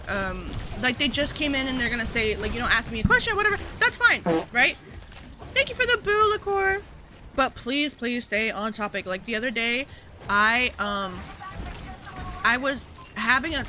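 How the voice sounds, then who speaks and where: A woman's voice: a little high, noisy background. A woman streamer talking casually to her chat, rambling with lots of fillers and asides. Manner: rambling, filler-heavy, addressing chat directly.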